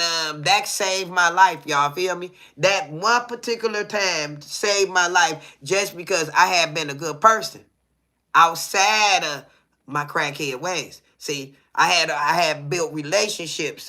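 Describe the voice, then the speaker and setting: Middle-aged woman, animated storyteller, very bright, tense tone. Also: sits low. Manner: animated, cursing, keeps asking "you hear me?". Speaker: livestream host. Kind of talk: casual storytelling.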